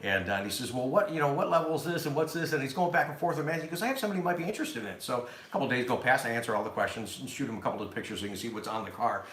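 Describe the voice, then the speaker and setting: Fast-talking man, bright echoey voice. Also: medium pitch. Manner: fast storyteller, acts out customers' lines. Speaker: Corvette salesman. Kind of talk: casual chat. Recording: echoey room with faint noise.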